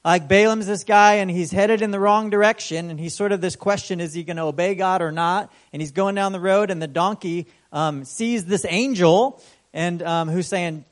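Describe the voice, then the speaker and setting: Preaching at a moderate pace in a voice that sits high, this man keeps his sermon conversational, frequently asking "right?" and animatedly acting out the exclamations in his story.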